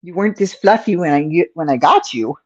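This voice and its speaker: A woman's voice: on the low side, expressive, a little fast, husky. A woman hosting a casual crochet livestream, cooing in baby talk to her cat between rambling asides, on a slightly dull recording. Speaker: crochet channel host.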